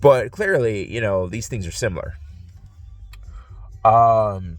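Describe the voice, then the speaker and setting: A man's voice: fairly low pitch, slow, long pauses, no echo, faint music behind. Rambling, profane man with a stuffy nose. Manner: rambling, profane, many fillers and restarts. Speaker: vlogger. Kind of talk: rambling casual monologue.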